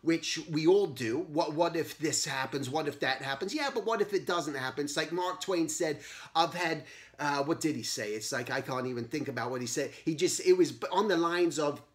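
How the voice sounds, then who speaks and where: A man's voice: fairly high pitch, lively intonation, moderate pace. A middle-aged man hosting a casual monologue, talking in an earnest, rambling way and asking many pointed questions. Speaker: host.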